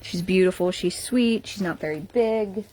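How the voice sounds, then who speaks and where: A woman's voice: fairly low pitch, normal speed, warm tone. A woman from an animal rescue talking to camera in a casual, playful way while puppies climb over her lap indoors. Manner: playful baby talk to puppies, laughing often.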